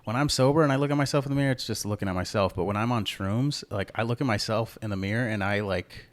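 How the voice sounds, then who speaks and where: A man co-hosting a podcast, talking candidly and casually about himself. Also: fairly low pitch. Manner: quick, candid, self-reflective, swears casually. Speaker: podcast co-host. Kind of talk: casual chat.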